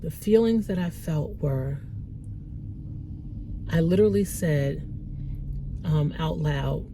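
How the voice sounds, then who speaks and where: Middle-aged woman, faith vlogger, gravelly fry in her voice, candid and rambling. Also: sits low, takes it slowly, noisy background. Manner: candid, rambling, emotional, repeats herself. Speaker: Christian motivational vlogger. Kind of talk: heartfelt personal vlog.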